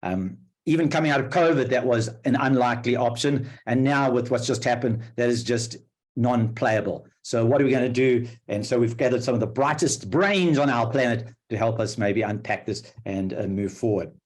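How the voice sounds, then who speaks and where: A man's voice: mid-range voice, normal speed. Rambling man hosting a webinar. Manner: rambling, filler-heavy, jokey. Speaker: webinar host. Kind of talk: casual online webinar hosting. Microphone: video call.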